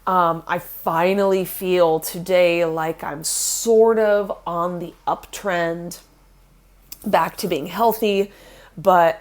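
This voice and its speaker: A woman in her forties chatting casually in a fitness vlog, rambling and laughing at herself, her voice congested from a cold. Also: lowish voice. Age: 40s. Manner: rambling, self-deprecating, laughs often. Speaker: fitness vlogger.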